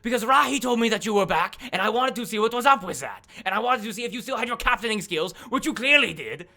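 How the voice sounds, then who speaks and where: A man voicing a flamboyant male swashbuckling duke in a fantasy tabletop game, who talks in a loud, exasperated, sarcastic way. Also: high voice, brisk, voice pushed up.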